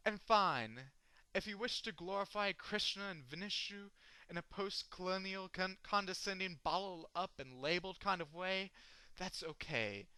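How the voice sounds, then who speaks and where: A man's voice: sits high, unhurried, bright, forceful tone, clean tone, no echo, poor audio. A man performing a long rhyming comic poem as a sardonic, sweary rant. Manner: ranting, sardonic, rhythmic, swearing. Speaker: poetry reader.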